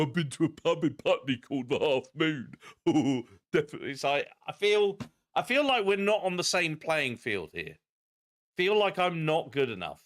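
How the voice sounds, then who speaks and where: A man streaming a geography game, chatting in an animated, self-deprecating way. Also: mid-range voice. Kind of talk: live-stream game commentary.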